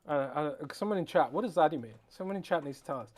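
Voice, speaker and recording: Animated man with a swooping voice. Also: fast. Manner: jokey, swinging pitch, laughs through the read. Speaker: podcast co-host. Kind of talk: casual chat and live ad read. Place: traveling, on a laptop.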